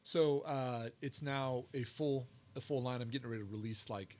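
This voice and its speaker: A man's voice: mid-range voice, normal speed, darkish tone, slight background noise. A man, a podcast guest who makes cigars, telling long casual stories with lots of fillers and restarts. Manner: rambling, many fillers and restarts. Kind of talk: casual storytelling.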